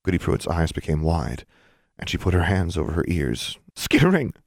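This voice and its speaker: A man narrating an audiobook in an even, measured storytelling manner that hushes for suspense. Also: low-pitched, vocal fry, no echo, clean studio sound. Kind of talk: scripted narration.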